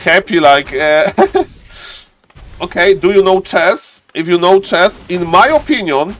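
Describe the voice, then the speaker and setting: Excitable streamer casting a strategy game. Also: male voice, high voice, slow pace. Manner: excitable, repeats phrases, addresses chat by name. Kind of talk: excited live game commentary and chat.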